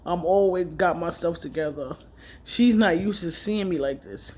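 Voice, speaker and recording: A man's voice: high-pitched, moderate pace. A man vlogging, telling a personal story candidly and emotionally, rambling and correcting himself as he goes. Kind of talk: casual personal storytelling vlog.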